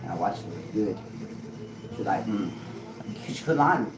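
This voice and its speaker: A man's voice: on the low side, very animated, fast. A man rambling on a live stream, swearing and laughing to himself, heard from far off in an echoey room. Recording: echoey room, mic far off, crowd noise.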